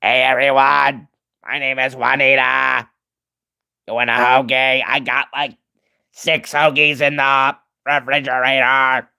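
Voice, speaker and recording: Guy doing a raspy smoker voice lady from the deli, slow and crackly, kinda bright. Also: medium pitch, level tone, full character voice. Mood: friendly. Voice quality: gravelly smoker voice. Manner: slow, friendly, offering food. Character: raspy middle-aged woman deli worker with a smoker voice. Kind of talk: livestream impression.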